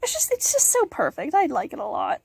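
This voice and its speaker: A woman's voice: high-pitched, wildly swooping pitch, brisk, creaky, a little mellow, slightly rough, dry recording. A teenage girl hosting a casual question-and-answer vlog, bubbly and giggly, rambling with playful asides. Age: teens. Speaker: channel host.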